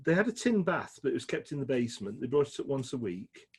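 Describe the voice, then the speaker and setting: A middle-aged man with a Yorkshire accent, telling stories in a chatty, animated way as an interview guest. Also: medium pitch, quick pace, husky. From England. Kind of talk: casual storytelling chat.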